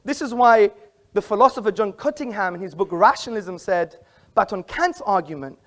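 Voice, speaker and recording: A man's voice: high-pitched, animated, moderate pace. A man giving a formal, argumentative debate talk in an auditorium, emphatic and combative as he quotes from books. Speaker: debate speaker.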